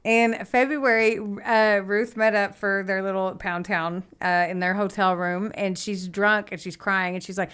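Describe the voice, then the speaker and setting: A woman's voice: medium pitch, steady tone, a little slow, hardly any pauses, fairly bright tone, smooth. A young adult woman co-hosting a podcast, telling a true-crime story in a chatty, giggly way, using "like" often and acting out the quotes. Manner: giggly, chatty, uses "like" a lot, acts out quotes.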